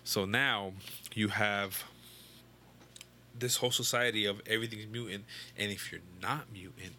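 A man's voice: on the low side, fairly even intonation, a little slow, pushed and bright, slight background noise. A young man casually retelling a comic book story to a friend, rambling and swearing, full of fillers and restarts. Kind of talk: casual chat.

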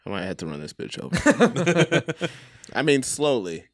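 A man's voice: mid-range voice, very animated, unhurried, no echo, clean studio sound. A man in a casual chat talking bluntly and swearing often.

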